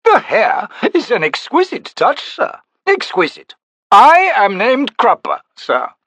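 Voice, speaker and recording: A man's voice: extremely high pitch, huge pitch swings, takes it slowly, a bit bright, pitched above the performer's own voice, heavily acted. A male narrator voicing a short, round, fawning male spy who speaks breathlessly in an audiobook. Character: fussy round male spy, eager and gushing. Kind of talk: audiobook character voice.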